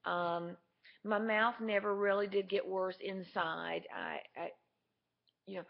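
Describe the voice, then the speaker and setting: A woman's voice: mid-range voice, fairly even intonation, takes it slowly, creaky. A woman talking candidly and chattily to camera in a casual video diary. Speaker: vlogger. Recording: dull lo-fi camera audio.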